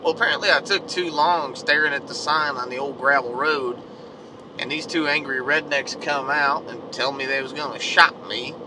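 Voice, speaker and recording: A man's voice: medium pitch, normal speed. A man telling a funny, profane story about his neighbors in a sarcastic, swearing manner. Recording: distant mic with outdoor noise.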